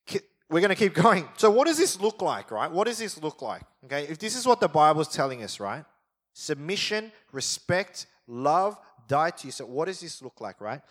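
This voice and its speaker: A man's voice: a little high, sing-song, moderate pace. A man in his thirties preaching a sermon on marriage in a loose, joking, conversational way. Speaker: pastor.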